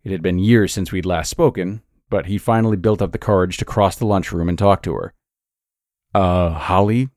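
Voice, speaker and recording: A man narrating a scripted horror story in a measured, steady way. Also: sits low, dry recording, clean studio sound.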